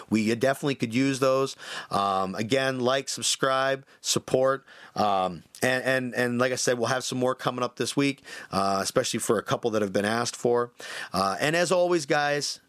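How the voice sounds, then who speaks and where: A man hosting a podcast, telling a story casually with many fillers and lively shifts in tone. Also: mid-range voice. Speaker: podcast host.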